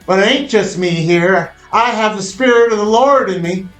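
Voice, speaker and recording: A man's voice: medium pitch, normal speed, natural voice. A man voicing Moses as a fervent, declaiming hill-country preacher, in a roomy echo over faint music.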